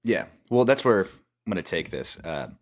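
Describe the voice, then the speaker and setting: A man's voice: sits low, big pitch swings, moderate pace. A man co-hosting a casual podcast, rambling and restarting his sentences, tired. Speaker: podcast co-host.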